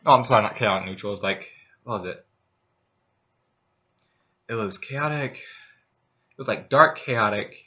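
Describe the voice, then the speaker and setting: A man's voice: lowish voice, measured pace, long pauses. A young man casually telling a rambling, profane story about a tabletop game session. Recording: dull lo-fi recording.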